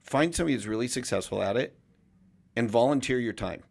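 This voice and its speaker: A man's voice: mid-range voice, fast, gravelly, darkish tone. A man hosting a casual interview podcast, giving advice in long, reflective sentences. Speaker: podcast host.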